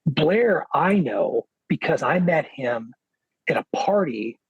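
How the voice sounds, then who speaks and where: A man, a guitarist guest on a podcast, telling a casual anecdote in an animated way, acting out what other people said with lots of "he goes.". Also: fairly high pitch, slow, husky, dry recording, lo-fi sound. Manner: animated, quotes others with "he goes" and acts their lines; loose filler-heavy phrasing.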